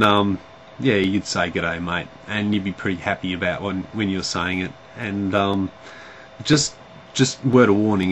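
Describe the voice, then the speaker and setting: A man's voice: fairly low pitch, fairly bright tone, a little hiss or hum, poor audio. A man with an Australian accent chatting casually to camera in a vlog, hesitant and full of ums and restarts. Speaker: vlogger.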